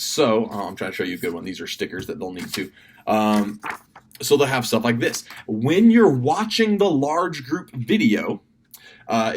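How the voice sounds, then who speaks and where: Man, camp leader, casual video briefing, fast and rambling, lots of ums and restarts, mid-range voice. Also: mid-range voice. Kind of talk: casual instructional video message. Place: indoors at a desk.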